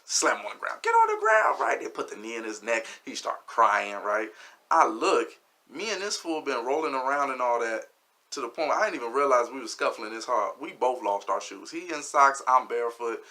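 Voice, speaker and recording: A man's voice: mid-range voice, normal speed. A man, a comedian, telling a real-life story in a casual, slangy way and acting out the quotes. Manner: animated, acts out quotes, slangy.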